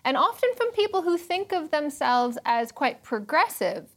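A woman's voice: sits high, sing-song, normal speed, a bit bright. Wry Canadian woman. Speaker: panelist. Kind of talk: TV panel discussion.

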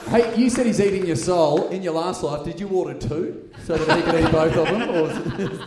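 A man hosting a live comedy podcast, telling stories in an animated way and often laughing. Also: on the high side, fairly quick, very noisy. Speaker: podcast host. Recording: echoey live venue with audience.

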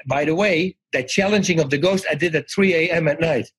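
A man telling personal stories as an interview guest, animated and acting out the voices of people he quotes. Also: a little high, a little fast, husky, low-quality recording. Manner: animated, acts out quoted voices, restarts often. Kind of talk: conversational storytelling.

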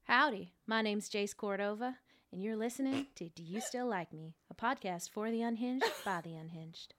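A woman's voice: medium pitch, moderate pace, noisy background, lightly acted. A woman doing a cartoonish American drawl. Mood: hammy. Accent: put-on American drawl. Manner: exaggerated cartoonish delivery.

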